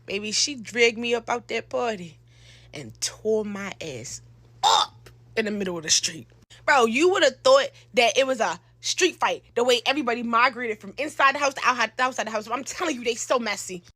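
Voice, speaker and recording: A young woman, telling a slangy, animated storytime into a close phone mic. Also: fairly high pitch, normal speed, dry recording. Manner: animated, slangy, acts out quotes with loud shouts. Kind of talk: storytime monologue.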